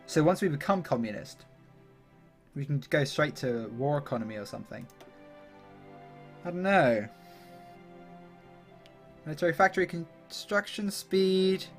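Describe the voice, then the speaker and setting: A man's voice: fairly high pitch, expressive, measured pace, pauses often, soft background music. A man giving casual, chatty commentary while playing a strategy game, thinking aloud with plenty of fillers and laughing at himself. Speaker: gaming YouTuber.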